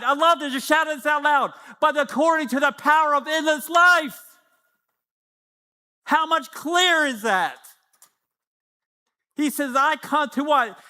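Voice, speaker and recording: A man's voice: very high-pitched, pushed and bright. A man in his fifties preaching a sermon, acting out little dialogues with the Lord as he goes. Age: 50s. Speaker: pastor.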